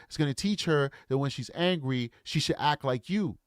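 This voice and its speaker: Guy in his 40s, preachy casual commentary, kinda high voice, dry close sound. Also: moderate pace, no echo. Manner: earnest, lecturing, repeats himself. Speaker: true crime commentator.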